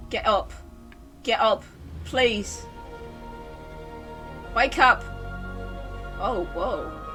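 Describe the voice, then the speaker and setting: A woman streaming a game, reacting emotionally with loud outbursts, laughter and swearing, talking to the game. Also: a little high, extremely slow, pauses often, over music. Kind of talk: live gameplay reactions.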